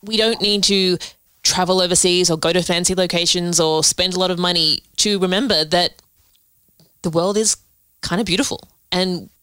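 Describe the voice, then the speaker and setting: A woman co-hosts a book podcast, speaking in a thoughtful, reflective way. Her voice is bright and crisp, with a smooth, resonant clarity. The sound is dry and close. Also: on the low side, fairly even intonation, moderate pace, dry recording, poor audio. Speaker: podcast co-host. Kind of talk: casual book discussion.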